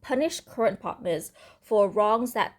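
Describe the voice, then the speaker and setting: A woman giving a casual, rambling tarot reading to camera, thinking aloud with many pauses and ums. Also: mid-range voice, animated. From Indonesia. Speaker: tarot reader. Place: home room with construction noise next door.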